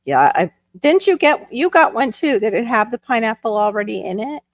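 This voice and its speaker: A woman's voice: fairly high pitch, expressive, normal speed, no room sound. A woman hosting a casual livestream, chatting and greeting viewers from the chat as she reads it. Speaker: livestream host. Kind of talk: casual live-stream chat.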